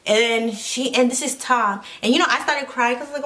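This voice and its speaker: A woman's voice: a little high, fairly quick, a bit bright. A woman vlogger retelling a movie in a slangy, rambling way, full of fillers and sound effects. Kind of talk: casual comedic movie recap.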